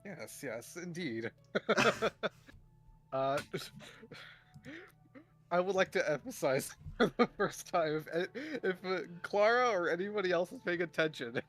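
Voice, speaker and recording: A man's voice: sits high, lively intonation, slow pace, fairly bright tone, faint music behind. A man playing in a tabletop game, answering in hesitant, flustered bits with frequent laughter. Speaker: player. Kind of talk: tabletop role-play.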